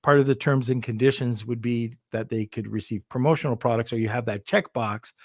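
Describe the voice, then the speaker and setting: A man's voice: medium pitch, fairly even intonation, brisk, darkish tone, dry recording, clean studio sound. A man with a Canadian accent hosting a podcast, asking questions with hesitant restarts in a casual way. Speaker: podcast host. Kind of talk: casual interview chat.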